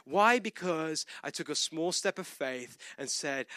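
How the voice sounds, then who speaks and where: A young man preaching a sermon, telling a personal story, swinging between loud emphatic bursts and hushed asides. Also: fairly high pitch, expressive, a little slow, few pauses, no room sound, studio quality.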